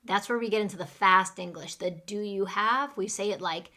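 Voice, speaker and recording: A woman with an American accent teaching English phrases in a live online lesson, saying each phrase slowly and then fast for students to repeat. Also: mid-range voice, sharp tone.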